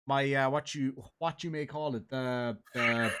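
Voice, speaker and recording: A man's voice: medium pitch, fairly even intonation, a bit bright, clear, resonant tone. Chatty Irish man hosting a stream. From Ireland. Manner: chatty, reads out donations, quick laughs. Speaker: host. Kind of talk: casual livestream chat.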